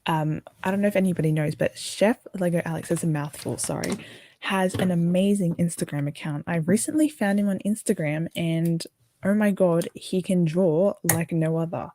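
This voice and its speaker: A woman's voice: on the low side, moderate pace, mellow, a little hiss or hum. A tired young Australian woman hosting an early-morning livestream, rambling casually and answering viewer comments as she builds. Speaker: livestream host.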